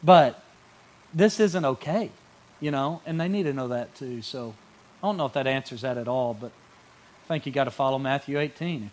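A man, a youth pastor giving a conversational teaching talk to small group leaders, animated and folksy, blunt and confrontational, with frequent restarts. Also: mid-range voice.

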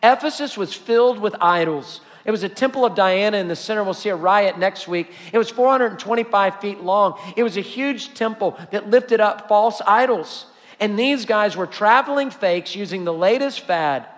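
A man's voice: sits high, normal speed. A man preaching a sermon as a pastor, emphatic and repetitive as he drives his points home. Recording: long hall reverb.

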